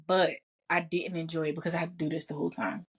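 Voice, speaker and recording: A woman's voice: low voice, quick pace, slightly rough. A woman co-hosting a casual chat podcast, telling stories with frequent laughs and free swearing. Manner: laughs often, swears freely, animated storytelling. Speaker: podcast co-host.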